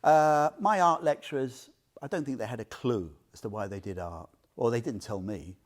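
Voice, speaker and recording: A man's voice: mid-range voice, normal speed. An older man giving an informal Buddhist talk, chatty and heartfelt, often checking in with "yeah?" and "you know". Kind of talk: informal Dharma talk with personal stories.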